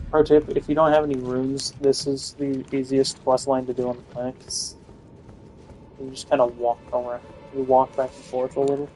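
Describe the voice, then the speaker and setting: A man's voice: medium pitch, a little mellow, poor audio. A young man giving casual gameplay commentary, rambling with lots of fillers and self-corrections. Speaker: gaming video host.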